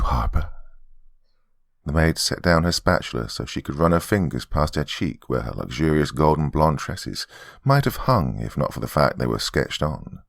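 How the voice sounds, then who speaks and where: A man narrating a horror story as host of his podcast, in a dry, measured storytelling manner. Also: rumbling low, vocal fry, no echo.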